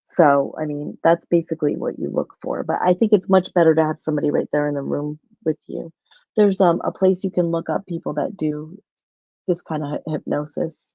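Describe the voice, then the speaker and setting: A woman speaks in a gravelly, mellow voice, telling her story in a rambling way full of restarts. The sound is dry and muffled, like a lo-fi video call. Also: low-pitched, fairly even intonation, a little fast, no echo. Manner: rambling, retells dialogue with many restarts. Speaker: guest. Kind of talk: personal storytelling in conversation.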